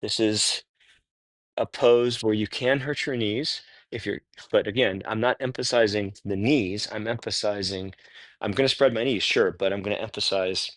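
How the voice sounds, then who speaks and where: A man's voice: fairly low pitch, normal speed, no echo. A man casually talking through a stretching routine on the floor, thinking aloud, correcting himself and grunting with effort. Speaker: stretching instructor. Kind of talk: casual spoken walkthrough of stretches.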